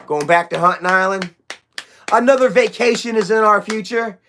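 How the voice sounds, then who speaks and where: A man's voice: high-pitched, moderate pace, pushed and bright, a little hiss or hum. A young man hosting a casual livestream chat, rambling, loose and profane, with lots of fillers. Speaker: livestream host.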